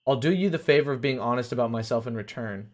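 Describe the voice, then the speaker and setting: A man's voice: mid-range voice, fast talker, lightly acted. A man voicing a sly shape-shifting gnome who turns into a tall woman, speaking brusquely and grandly while reading a game aloud.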